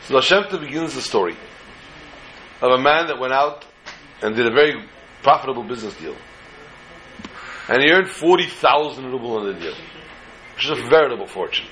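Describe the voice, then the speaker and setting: A man's voice: mid-range voice, lively intonation, fairly quick, pauses often, sharp tone, poor audio. Man telling a religious tale casually. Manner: informal, digressive, joking asides. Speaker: storyteller.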